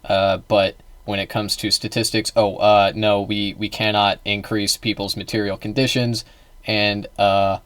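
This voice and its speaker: A man with a fairly low voice comments on a video in a loose, halting way. He stops and restarts often and fills the gaps with uhs. The sound is dry and close. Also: flat delivery, fairly bright tone, smooth, no room sound. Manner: halting, full of fillers and restarts. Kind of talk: casual commentary.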